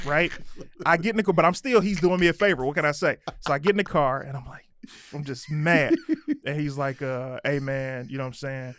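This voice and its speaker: A man's voice: a little high, no room sound. A man co-hosting a podcast, chatting casually and telling stories with bursts of laughter. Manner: animated storyteller, loud laughing outbursts. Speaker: podcast co-host. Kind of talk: casual podcast chat, storytelling.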